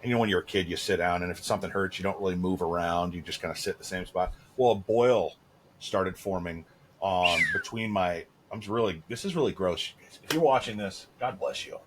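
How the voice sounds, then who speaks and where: Podcast co-host, man, 30s, low register, candid and crude, filler-heavy anecdotes. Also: brisk, noisy background. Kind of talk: casual chat.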